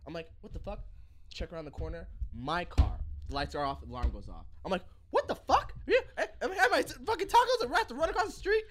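A man's voice: high-pitched, very fast, few pauses, slight background noise. A man telling a story in casual podcast chat, swearing freely and acting out the scenes as he goes. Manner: swearing, excitable storyteller who acts out scenes. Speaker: podcast co-host.

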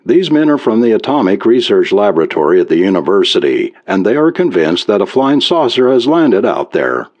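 A man voicing a stern, blunt male state trooper in a read-aloud story, gruff and official. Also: lowish voice, big pitch swings, brisk, few pauses, darkish tone. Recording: dull lo-fi recording.

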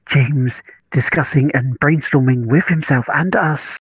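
A man's voice: medium pitch, a little slow, breathy edge, no echo. A man co-hosting a gaming podcast in casual, playful chat with mock-formal asides. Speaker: podcast co-host.

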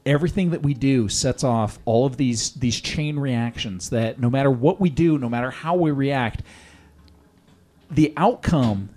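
A man in his forties hosting a casual podcast chat, with an ordinary mid-range pitch. He tells stories with animated energy, swears freely and turns to challenge his listeners. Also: a little slow. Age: 40s. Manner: animated, profane, preachy storytelling.

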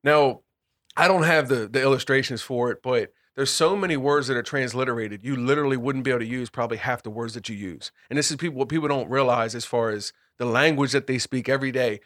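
A man's voice: mid-range voice, quick pace, a bit bright, no room sound, studio quality. A man leading a casual group Bible discussion, explaining word by word, often repeating and restarting phrases and breaking into laughter. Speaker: Bible study leader.

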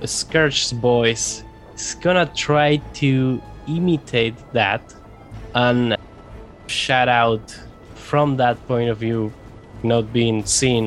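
A man playing a tabletop role-playing game, talking hesitantly with many restarts. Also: mid-range voice. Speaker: player. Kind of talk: casual tabletop play.

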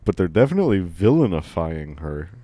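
A man's voice: low-pitched, sing-song, brisk, warm tone, no echo. A man casually chatting on a podcast, rambling with lots of fillers. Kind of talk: casual chat.

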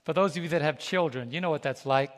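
A man preaches in a high, lively voice, throwing questions back to his congregation and laughing between homespun stories. His words ring out with the long reverb of a church sanctuary. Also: fast talker. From United States. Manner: animated, preachy call-and-response with the congregation; laughs between stories, folksy colloquial speech. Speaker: pastor. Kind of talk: sermon.

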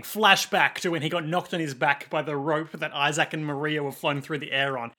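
A man co-hosting a casual comedic recap, playful and quick to jump into silly voices. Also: on the high side, fairly even intonation, sharp tone. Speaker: podcast co-host recapping a story.

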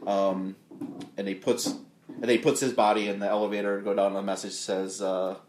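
Speaking a little fast in a low-leaning voice, a man co-hosts a casual movie podcast, vividly retelling scenes and voicing the characters' lines. The recording is echoey with noticeable background noise.

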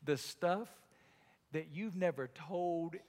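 Alabama-drawl pastor preaching in a hall. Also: male voice, on the high side. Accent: Southern US, Alabama. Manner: swings from loud exclaiming to quiet, slow emphasis. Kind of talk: sermon. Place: church sanctuary.

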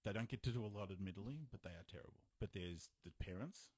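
A man's voice: deep voice, quick pace, a little mellow, slightly rough, no echo. A man hosting a casual chat, retelling a film and acting out lines in exaggerated voices. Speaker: podcast host.

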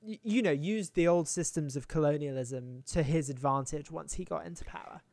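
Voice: mid-range voice, moderate pace, a little mellow, no echo. A podcast co-host talking in wry, explanatory casual chat, with frequent restarts.

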